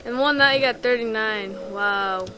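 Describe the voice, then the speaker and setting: A woman giving rambling, excitable let's play commentary while gaming, full of ums and restarts. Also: fairly high pitch, normal speed, soft background music, rough recording. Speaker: gamer.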